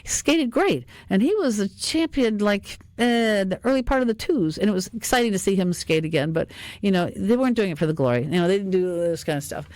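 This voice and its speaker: A woman's voice: mid-range voice, lively intonation, a little fast, few pauses, darkish tone, no room sound. Older woman, talk radio host, meandering casual chat, dry studio sound. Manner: rambling, chatty, laughs often, many fillers.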